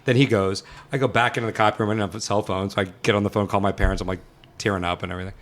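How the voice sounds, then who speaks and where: A man with a fairly low voice tells his story at a quick clip. He gets animated and acts out each exchange in quoted dialogue. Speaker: guest filmmaker. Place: film set.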